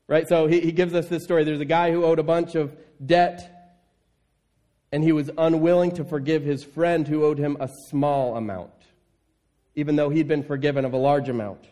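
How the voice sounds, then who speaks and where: Preaching from scripture, this male pastor speaks earnestly and emphatically and keeps returning to key phrases. The voice runs a little high with a darkish tone, moving at a moderate pace with frequent pauses.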